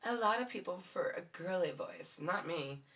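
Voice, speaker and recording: Woman streamer, low-toned, bright and forceful, loose, swears a lot, giggly casual chat with viewers. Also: expressive, normal speed. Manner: rambling, profane, giggly, many fillers. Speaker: live streamer.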